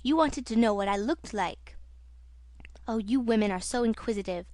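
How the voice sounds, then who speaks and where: A woman's voice: fairly high pitch, normal speed, darkish tone, no room sound, close to an everyday voice. Woman narrator doing a raging, self-pitying masked man; intense, taunting audiobook villain. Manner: intense, mocking, then anguished.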